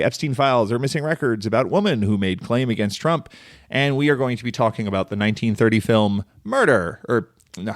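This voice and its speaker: Rambling, lively male podcast host. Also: medium pitch, no echo, clean studio sound. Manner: rambling, enthusiastic, heavy with "like" and "um". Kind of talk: casual solo film podcast.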